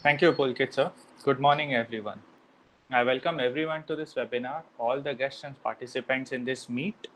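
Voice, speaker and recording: A man's voice: medium pitch, fairly even intonation, fairly quick, fairly bright tone, slight background noise, poor audio. A man moderating a webinar, welcoming guests and formally reading out a speaker's introduction.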